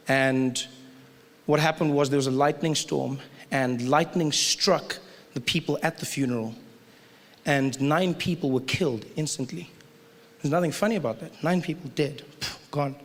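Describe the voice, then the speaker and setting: A man doing a stand-up comedy set, animated and joking, slipping into quick put-on voices. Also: on the high side. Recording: live hall recording with audience noise.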